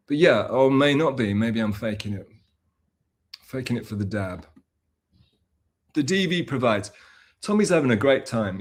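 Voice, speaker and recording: A man's voice: medium pitch, slightly rough. A man livestreaming, chatting casually with his viewers in a rambling, self-mocking way. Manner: rambling and self-mocking, with many restarts and fillers. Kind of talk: casual livestream chat, reading and answering chat.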